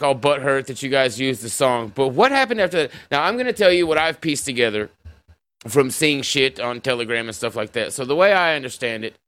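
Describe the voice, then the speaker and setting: A man's voice: medium pitch, fairly bright tone, clean tone, no room sound. A man hosting a livestreamed interview, talking in a loose, profane, rambling way. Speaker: podcast host. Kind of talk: casual livestream conversation.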